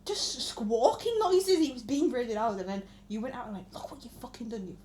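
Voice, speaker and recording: Talking fast in a warm, slightly high voice, this podcast co-host in her 20s tells stories in casual chat, acting out quotes and swearing a lot. A little hiss or hum sits under the recording.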